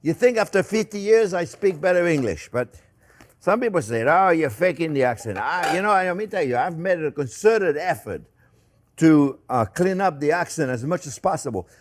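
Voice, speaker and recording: A man's voice: fairly high pitch, normal speed. An older man with a French accent, hosting a cooking demonstration in a chatty way, laughing at himself as he works. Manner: chatty, animated, self-mocking asides with chuckles. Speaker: cooking show host.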